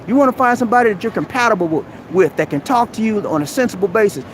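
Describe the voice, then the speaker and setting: A man with a strikingly high voice hosts a live stream from outside a busy mall. He lectures his viewers in a preachy, exhorting way and keeps calling them "man". Faint street and traffic noise sits behind him. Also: lively intonation, fast talker. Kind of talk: motivational advice rant. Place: outdoors at a busy shopping mall.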